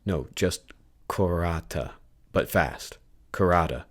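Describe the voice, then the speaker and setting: A man voicing an excitable, curious young woman in an audiobook. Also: low-pitched, moderate pace. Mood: eager. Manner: eager, rising excitement.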